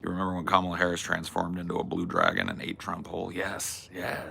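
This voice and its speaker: A man's voice: sits low, sing-song, fast talker, creaky, sharp tone, husky. A man hosting a comedy podcast, chatting casually with crude jokes and laid-back slang. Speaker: podcast host.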